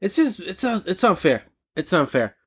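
A man hosting a talk show alone, ranting in a casual, animated and indignant way, swearing freely. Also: high voice, moderate pace, slightly rough. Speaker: podcast host. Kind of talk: casual solo rant.

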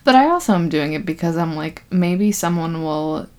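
Young woman podcast host, slightly low voice, casual giggly movie recap. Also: expressive, normal speed, a little mellow. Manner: chatty, giggly, lots of "like", acts out lines.

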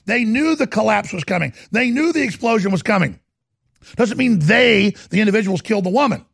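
High raspy guy ranting hard and fast, dry close mic. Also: lively intonation, fairly bright tone, no echo. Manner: heated, rapid-fire ranting. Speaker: talk show host. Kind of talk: ranting commentary.

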